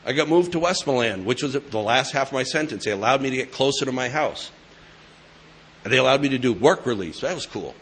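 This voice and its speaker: A man's voice: medium pitch, animated, brisk, a bit bright, slightly rough. Man telling his story at a meeting. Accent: New England. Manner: conversational, joking asides. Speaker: AA speaker sharing his story. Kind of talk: storytelling talk to an audience. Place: meeting hall with live audience.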